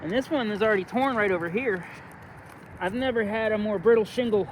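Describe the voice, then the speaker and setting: A man's voice: high voice, a little fast, a little hiss or hum. A man, a roofing contractor, out of breath and exasperated as he walks through damage outdoors on a roof, explaining each point step by step. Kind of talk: on-site inspection walkthrough.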